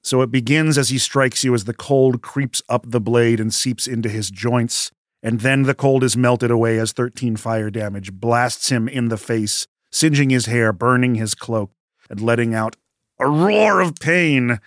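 A man running a tabletop game as game master, narrating the battle in a measured, descriptive way. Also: mid-range voice, steady tone, dry recording, clean studio sound.

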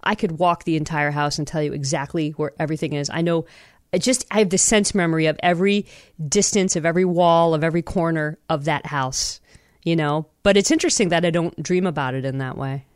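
A woman co-hosting a casual podcast chat, animated and rambling, often breaking into laughter. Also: low-pitched, a little fast, no room sound, studio quality. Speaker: podcast co-host.

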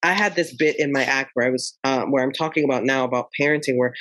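A woman comedian chatting in an interview, telling animated stories and acting out quoted lines. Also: extremely low pitch, fast talker, no echo, poor audio. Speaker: comedian guest. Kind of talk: casual interview chat.

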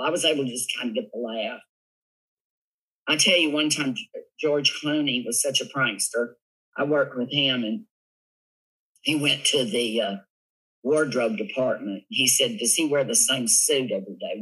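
Older southern guy telling stories, bright husky voice, lots of laughing. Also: mid-range voice, low-quality recording. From Southern United States. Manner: lively storyteller, animated, laughs often. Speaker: guest. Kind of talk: casual storytelling interview.

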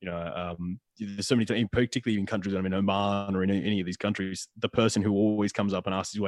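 Fast-talking man. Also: on the low side, little pitch movement, no room sound, studio quality. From Australia. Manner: rapid, chatty, restarts phrases often. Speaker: podcast guest. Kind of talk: casual podcast chat.

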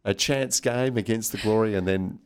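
A man's voice: fairly low pitch, moderate pace, clean tone. An Australian man hosting an interview, encouraging his guest with frequent short affirmations. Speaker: podcast host. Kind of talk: conversational interview.

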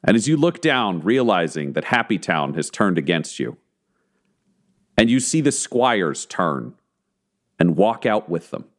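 A man narrating as game master, telling the story slowly and theatrically and building tension. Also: deep voice, big pitch swings. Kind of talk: dramatic tabletop narration.

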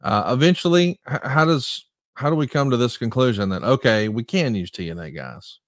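A male host recaps events in a measured way, then leads into his question. His voice is a plain middle pitch. The sound is dry and close. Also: expressive, dry recording. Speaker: podcast host. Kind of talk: interview questions.

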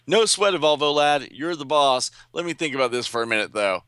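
A man's voice: fairly high pitch, lively intonation, brisk, a bit bright, smooth, dry recording, studio quality, pitched above the performer's own voice. A man voicing a boastful, showy young male superhero from a comic he reads aloud. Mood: cocky. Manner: brash, self-satisfied.

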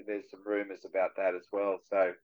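A man's voice: low-pitched, fairly quick, lo-fi sound. A man in his forties with an Australian accent, an actor guest chatting on a radio show and acting out the voices in his stories. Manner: animated storyteller who acts out quoted voices. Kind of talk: casual radio chat.

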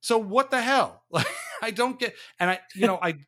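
A man's voice: very high-pitched, moderate pace. A man hosting a casual sports podcast, ranting with frequent laughs. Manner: animated, ranting, laughs often. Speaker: podcast host.

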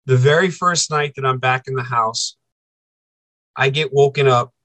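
A man's voice: medium pitch, moderate pace, sharp tone, dry recording. A man as a podcast guest, telling a personal story with intensity, repeating phrases and acting out what people said. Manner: intense, repeats phrases, acts out quoted dialogue.

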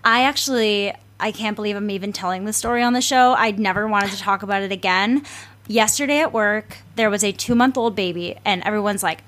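A woman's voice: medium pitch, fairly quick, a bit bright. Woman podcast host, casual chat, emotional storytelling, lots of "like".

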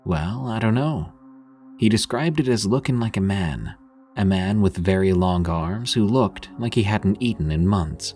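A man's voice: fairly low pitch, lively intonation, measured pace, darkish tone, soft background music. A man voicing a young male camper who earnestly tells a spooky hunting story.

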